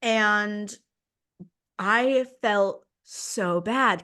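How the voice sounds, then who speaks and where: A young woman hosting a podcast, telling a personal story in an animated, dramatic way. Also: mid-range voice, slow. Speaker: podcast host. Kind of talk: casual storytelling chat.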